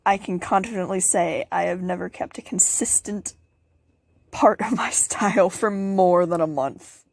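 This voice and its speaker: A woman's voice: lowish voice, unhurried, gravelly, no echo. A teenage girl hosting a casual question-and-answer vlog, bubbly and giggly, rambling with playful asides. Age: teens. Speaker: channel host.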